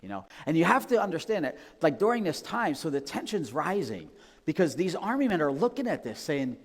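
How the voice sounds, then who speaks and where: A man's voice: fairly high pitch, sing-song, normal speed. Male pastor in a reverberant church hall. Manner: conversational, checks in with "okay?" and "right?". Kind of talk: casual storytelling sermon. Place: church sanctuary. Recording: long reverb of a large hall.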